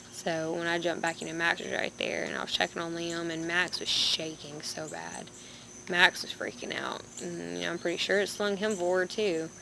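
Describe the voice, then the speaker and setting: Flat gravelly woman in pain. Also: on the low side. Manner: rambling, halting retelling. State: in pain, low energy. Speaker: vlogger. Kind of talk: casual vlog storytelling. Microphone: phone camera. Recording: background noise with birds and insects.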